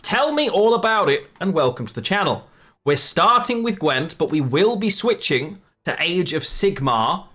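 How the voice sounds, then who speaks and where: A man's voice: fairly high pitch, fairly bright tone. Chatty man streaming a card game. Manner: chatty, self-correcting, greets viewers. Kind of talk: live game commentary to chat.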